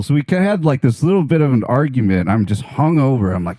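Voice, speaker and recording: A man's voice: medium pitch, very animated, fast, hardly any pauses, warm tone, dry recording. A man telling a rambling story in casual chat, swearing freely and laughing as he goes. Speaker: podcast guest.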